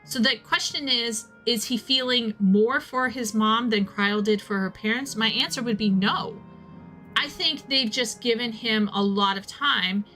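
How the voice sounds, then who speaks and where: A young woman chatting casually while streaming a game, telling a rambling story with many restarts and asides. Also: on the high side. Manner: rambling, self-interrupting, animated storyteller.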